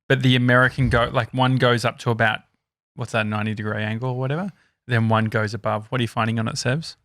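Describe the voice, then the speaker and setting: A man's voice: medium pitch, fairly even intonation, fast talker, a bit bright, no echo, clean studio sound. An Australian man hosting a podcast, telling rambling stories in casual chat with plenty of hesitations. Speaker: podcast host.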